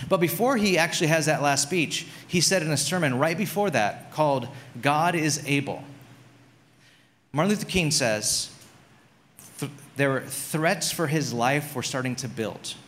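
A man gives a sermon in a relaxed, conversational style. His voice sits somewhat high for a man. He often repeats words and fills pauses with "like" as he works through his points. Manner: conversational preaching, frequent "like" and restarts. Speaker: pastor.

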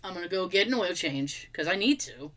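Brisk and lowish-voiced, a woman relays an everyday story in casual conversation, voicing both sides of the exchange. She's animated and swears without restraint.

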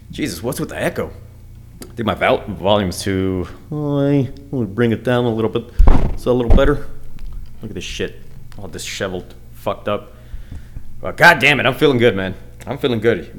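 A man's voice: medium pitch, lively intonation, fairly quick, a bit bright. A young man hosting his own comedy podcast, ranting bluntly and crudely with lots of stumbles and restarts. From United States. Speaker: podcast host. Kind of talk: casual solo comedy rant.

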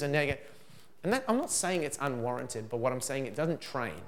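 A middle-aged man giving a lively parenting seminar talk, acting out dialogue as he goes. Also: mid-range voice, a little fast. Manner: animated, acts out dialogue in put-on voices.

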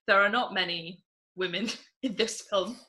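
A woman from England co-hosts a podcast in a relaxed, chatty way, often breaking into laughter. Her voice is bright and forward, sitting at an ordinary pitch for a woman. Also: measured pace. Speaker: podcast co-host. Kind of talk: casual podcast chat.

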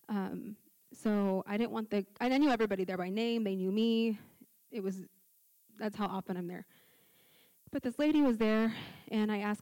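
A woman's voice: medium pitch, brisk, a little mellow, dry recording. A young woman sharing a personal testimony at church, telling it as a story with acted-out dialogue. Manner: storytelling, acts out quoted dialogue. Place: church service. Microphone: handheld mic.

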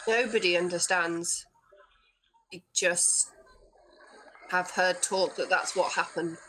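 A woman's voice: on the low side, fairly even intonation, takes it slowly, a bit bright, a little hiss or hum, low-quality recording. A woman playing a tabletop game, answering carefully and hedging. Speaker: player. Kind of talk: casual tabletop play.

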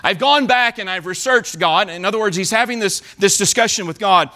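A man's voice: high voice, brisk, pushed and bright. A man preaching a sermon in church, earnestly acting out the psalmist's pleas. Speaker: pastor.

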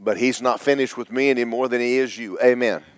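A middle-aged male pastor preaching, his voice tearful, dropping to whispers and rising to loud cries. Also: medium pitch, fairly even intonation, brisk, dry recording. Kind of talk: sermon.

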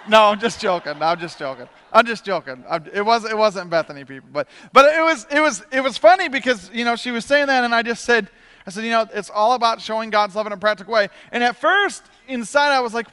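A male pastor preaches in a very high, bright and smooth voice, telling stories with energy and quick repeats. His voice rings out with a long reverb that fills a church hall. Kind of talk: sermon. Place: church stage.

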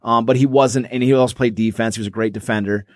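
A man's voice: mid-range voice, steady tone, fast, no echo, clean studio sound. Rambling male podcast co-host. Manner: rambling, many restarts and fillers. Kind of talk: casual sports history chat.

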